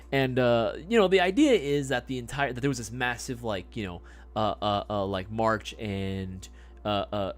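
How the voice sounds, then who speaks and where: A young man telling a story on a live stream in a rambling, casual way, with lots of fillers and swearing. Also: mid-range voice.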